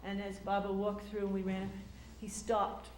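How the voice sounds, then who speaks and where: An older woman telling stories in a casual, animated way, acting out quotes with lots of fillers and restarts. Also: mid-range voice, normal speed, roomy sound, a little hiss or hum. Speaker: speaker recounting memories. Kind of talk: casual storytelling talk.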